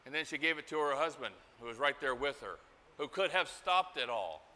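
A middle-aged man preaching a sermon, telling a story slowly and acting out the voices in it. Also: on the high side, lively intonation, bright, forceful tone. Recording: hall reverb.

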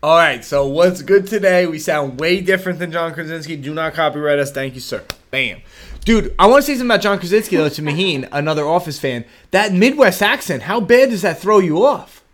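Brief: young american male podcast host, slightly high voice, energetic and profane. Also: fairly quick. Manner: animated, swearing, puts on silly accents. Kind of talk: casual chat.

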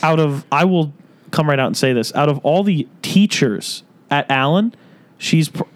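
A man's voice: fairly high pitch, animated. A man co-hosting a casual podcast, teasing his friends, cursing freely and exclaiming often. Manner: teasing, profane, quick to exclaim. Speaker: podcast co-host, teacher. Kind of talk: casual chat.

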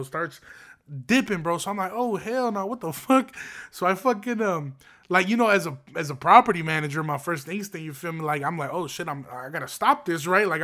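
A young man, a property manager, tells a story to his viewers in casual, animated street slang full of profanity, with "bro" and "you feel me" dropped in constantly. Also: sits high.

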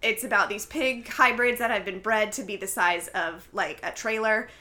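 Bright, gushing woman podcast host. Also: mid-range voice, moderate pace. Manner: effusive, enthusiastic, gushing. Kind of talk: casual chat about films.

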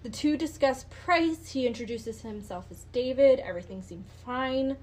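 A woman's voice: high voice, moderate pace, a little mellow, slight background noise, rough recording. A woman hosting a podcast, telling a true-crime story in a casual, chatty way, with swearing and lots of "like" and "um". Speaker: podcast host.

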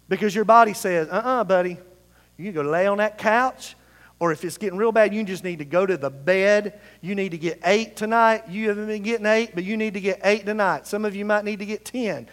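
A man's voice: high-pitched, fairly bright tone. A male pastor preaching a sermon, leading the congregation in reading scripture aloud together. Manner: leads the congregation in call-and-response scripture reading. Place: church sanctuary. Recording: long reverb of a large hall.

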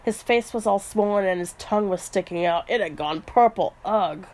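A man's voice: high-pitched, moderate pace, darkish tone. A woman voicing a frightened male rat henchman who speaks in shaken, blurted words.

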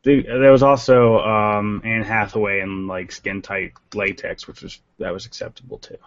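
A man's voice: on the low side, fairly even intonation, moderate pace, no room sound. A man guesting on a podcast, hesitant and full of fillers, with a dry sense of humor in casual chat. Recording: dull lo-fi call audio.

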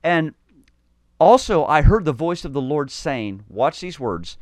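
Guy preaching on his podcast, fervent, says stuff twice, gets loud and emphatic, dry voice. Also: fairly high pitch, sing-song, a little slow, no room sound. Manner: fervent, repeats words, builds to emphatic calls. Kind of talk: podcast sermon.

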